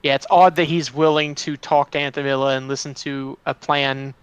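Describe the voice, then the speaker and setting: A man's voice: a little high, steady tone, normal speed, smooth. A man playing a tabletop game, asking curious questions in a rambling way with many restarts. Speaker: player. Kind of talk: casual tabletop game chat.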